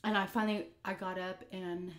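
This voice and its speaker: A woman's voice: mid-range voice, flat delivery, fairly quick. A woman vlogger telling a story while eating, candid and blunt, rambling with fillers. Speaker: mukbang vlogger.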